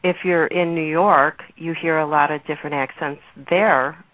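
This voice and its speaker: A woman's voice: sits low, steady tone, normal speed, no echo, narrow, tinny audio. A woman with a Chicago accent hosting a radio interview, chatty and laughing often. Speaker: radio show host. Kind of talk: friendly interview chat.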